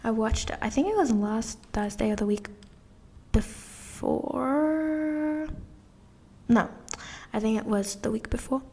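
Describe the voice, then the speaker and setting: Young woman, podcast host, slightly British, rambling and giggly, touch of vocal fry. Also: fairly high pitch, a little slow, pauses often, dark tone. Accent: slightly British-sounding. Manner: chatty, rambling, giggly, talks while doing a puzzle. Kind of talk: casual solo podcast chat.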